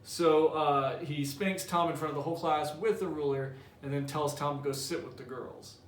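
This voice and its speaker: A man's voice: fairly high pitch, steady tone, moderate pace. Man teacher reading aloud in an echoey room. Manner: explanatory, conversational. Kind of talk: reading a novel aloud to a class. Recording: echoey room, distant mic, faint hiss.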